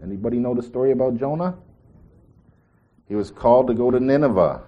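Man preacher, mid-pitched, lively storytelling sermon with rhetorical questions. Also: a little fast, muffled recording. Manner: animated storytelling, voicing quotes, rhetorical questions to the congregation.

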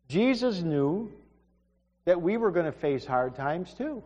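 A man's voice: a little high, darkish tone. A man preaching a sermon, earnest and emphatic, often restarting his sentences. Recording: dull reverberant hall recording.

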